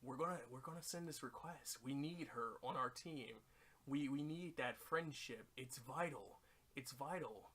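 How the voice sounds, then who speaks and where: A man's voice: mid-range voice, bright, forceful tone. A young man giving goofy, chatty commentary while streaming a mobile game, laughing often. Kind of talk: casual gaming commentary.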